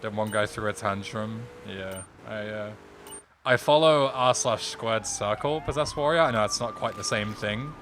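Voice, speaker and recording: A man's voice: on the low side, moderate pace, a bit bright. A young man, chatting casually with viewers while streaming a video game, laid-back with dry asides. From England. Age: young adult. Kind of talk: casual live-stream chat, reading and answering viewers. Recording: game noise in the background. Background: video game sounds.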